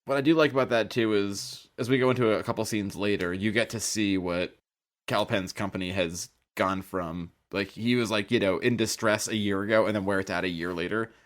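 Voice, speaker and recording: A man's voice: lowish voice, fairly even intonation, fairly quick. A man co-hosting a podcast, adding opinionated, wry commentary on a show. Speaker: podcast co-host. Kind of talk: casual recap chat.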